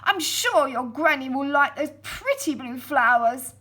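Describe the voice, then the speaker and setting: A woman voicing a sly big bad wolf who talks slowly and sweetly. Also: sits high, expressive, sharp tone, pitched above the performer's own voice, full character voice. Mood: coaxing. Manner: slow, sweet, coaxing tones.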